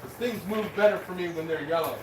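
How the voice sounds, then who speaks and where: A man forging metal as he chats casually with a livestream audience and greets viewers by name in a relaxed, talkative way. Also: high voice, quick pace, far from the mic. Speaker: blacksmith streamer. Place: metal forge workshop. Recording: echoey workshop from off-mic with loud forge noise.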